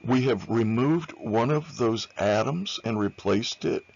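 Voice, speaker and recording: A man's voice: medium pitch, animated, takes it slowly, gravelly, darkish tone, muffled recording. A man lecturing on chemistry over slides in an informal way, with many fillers, often repeating key points.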